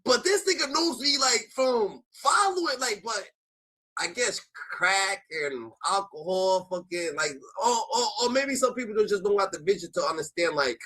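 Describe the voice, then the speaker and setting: A man telling a rowdy street story in casual chat, heavy with slang and cursing, jumping in pitch whenever he acts out other people. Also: normal speed, low-quality recording. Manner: animated storytelling, acting out quoted voices with jumps in pitch. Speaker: host.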